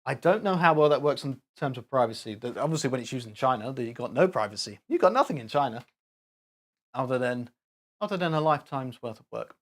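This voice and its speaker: A man's voice: medium pitch, lively intonation, fast talker. A man hosting a live stream, chatting casually and rambling with chuckles while he talks to his chat.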